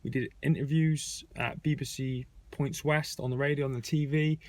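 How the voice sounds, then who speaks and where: A man's voice: medium pitch, steady tone, moderate pace, a little mellow, no echo. A young man in a frank, conversational rant, telling a story to his viewers. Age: young adult. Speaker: vlogger. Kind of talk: casual spoken rant. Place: airport terminal.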